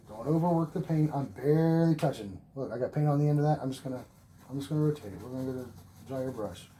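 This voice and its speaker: In a relaxed oil painting tutorial, a man encourages the viewer through each stroke, repeating himself and occasionally stepping away from the mic. He has a warm, mid-range voice at a moderate pace, and there's faint noise in the background.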